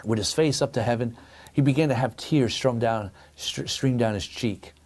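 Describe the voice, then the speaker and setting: Animated preaching man telling a story. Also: medium pitch, normal speed. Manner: animated preaching, addresses listeners as friends. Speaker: rabbi teaching a weekly Torah lesson. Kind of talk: sermon with storytelling.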